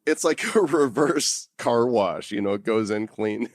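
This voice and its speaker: A man's voice: medium pitch, lively intonation, a little slow, dry recording, studio quality. A man co-hosting a podcast in casual chat, joking and laughing at his own puns. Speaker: podcast co-host.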